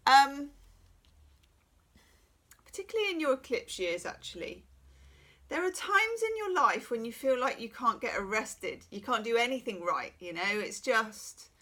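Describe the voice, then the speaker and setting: A middle-aged woman tarot reader, her voice on the high side with a sharp edge, is losing her voice as she gives a private reading. She's frank and chatty, sprinkling in reassuring asides.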